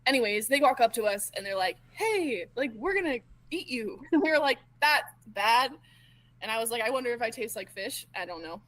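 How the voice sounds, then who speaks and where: A woman's voice: medium pitch, a bit bright, no room sound, low-quality recording. Stammering woman role-playing in character. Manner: halting, stammering, lots of fillers and restarts. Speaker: tabletop role-playing player. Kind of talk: in-character role-play recounting events.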